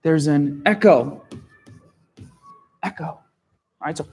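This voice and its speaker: A man teaching a story lesson to language learners, telling it in an animated way, gasping for effect and often checking that they understand. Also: high-pitched, slow pace, long pauses, breathy edge, soft background music. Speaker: English teacher.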